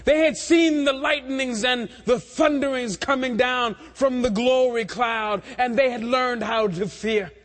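A man preaching a sermon, slow and deliberate, with dramatic pauses and rising emphasis. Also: very high voice, fairly bright tone. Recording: long hall reverb.

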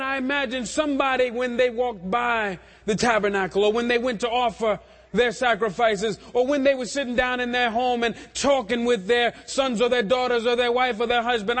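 A man preaching a sermon, slow and deliberate, with dramatic pauses and rising emphasis. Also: extremely high pitch, fairly bright tone. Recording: long hall reverb.

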